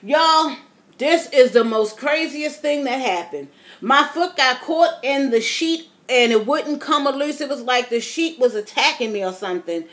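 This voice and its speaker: A woman's voice: sits high, expressive, measured pace, fairly bright tone. A woman in her fifties vlogging, telling stories in a chatty, dramatic way and calling her viewers y'all. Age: 50s. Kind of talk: casual storytelling to camera.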